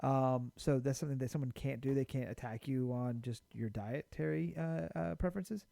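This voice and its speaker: A man's voice: mid-range voice, normal speed, vocal fry, dark tone, no room sound, studio quality. A man co-hosting a casual podcast chat. He speaks bluntly and swears casually. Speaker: podcast co-host.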